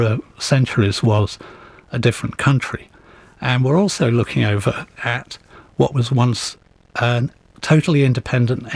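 A man, an author and guest, telling stories in an interview in a measured, thoughtful, gently wry way. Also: mid-range voice, no room sound. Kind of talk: interview storytelling.

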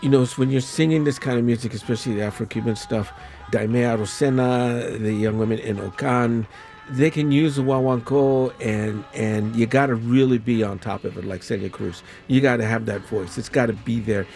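A man's voice: mid-range voice, moderate pace, darkish tone. A man hosting a radio music show, chatting enthusiastically and rambling a little about a new song. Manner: enthusiastic, rambling, self-correcting.

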